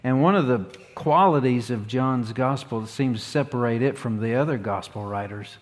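A male pastor preaching a sermon in a church, speaking in a measured, earnest way and asking the congregation questions. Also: medium pitch. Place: church sanctuary. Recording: long reverb of a church hall.

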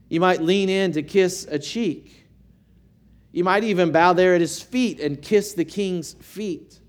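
Guy preaching slow and earnest, kinda high voice, lots of questions to the crowd. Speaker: pastor. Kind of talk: sermon.

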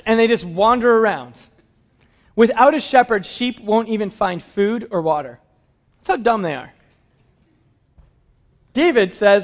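A man's voice: high-pitched, normal speed, pauses often. A man preaching a conversational sermon to his congregation, with light humor. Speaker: pastor. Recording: dull lo-fi sound.

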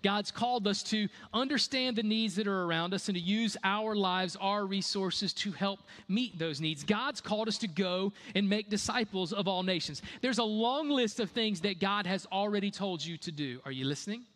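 A male pastor delivering a sermon in a casual, conversational way. His voice sits fairly high for a man, and he leans on repetition and pointed rhetorical questions to drive each point home. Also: normal speed, hardly any pauses, a bit bright, long reverb tail. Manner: conversational, repeats key phrases, rhetorical questions.

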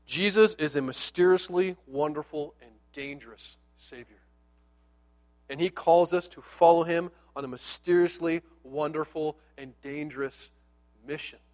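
High-voiced animated preaching man. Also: unhurried. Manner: conversational, animated storytelling preacher with playful asides; drops to a near hush on key words. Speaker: pastor. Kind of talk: sermon.

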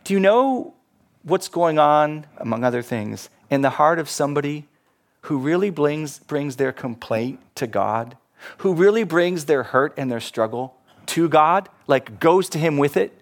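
Animated male pastor preaching. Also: a little high, unhurried. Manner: animated, acts out quoted voices, laughs at himself. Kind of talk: sermon.

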